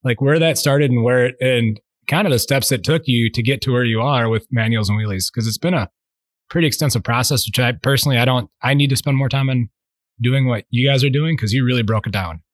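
A man hosts a podcast interview in an easygoing, rambling way, often restarting his sentences. His voice sits at a middle pitch, and the recording is dry and close. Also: brisk, dry recording. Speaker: podcast host. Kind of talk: hosting an interview.

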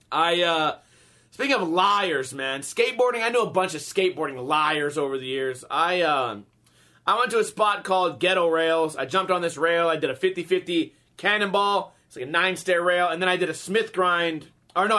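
Guy in his 30s rambling profane stories, high bright voice, does all the voices. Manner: profane, animated, acts out quoted voices. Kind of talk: casual storytelling chat.

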